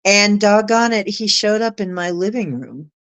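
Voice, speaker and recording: A middle-aged woman telling a personal story in a chatty, animated way. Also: mid-range voice, moderate pace, poor audio. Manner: chatty, animated retelling with laughs and acted quotes. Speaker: astrology show guest. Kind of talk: casual storytelling.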